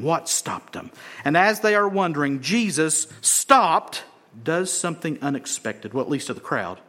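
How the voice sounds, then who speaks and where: Animated bright-voiced preacher. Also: male voice, a little high. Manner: dramatic, acting out crowd voices, swinging from shouts to whispers. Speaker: pastor. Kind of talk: sermon.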